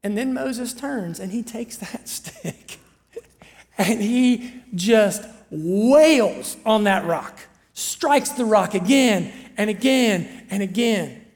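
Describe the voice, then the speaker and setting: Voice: medium pitch, expressive, slow, a little mellow. A pastor preaching a sermon in a chatty, storytelling way, with frequent asides to the listeners. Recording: long hall reverb.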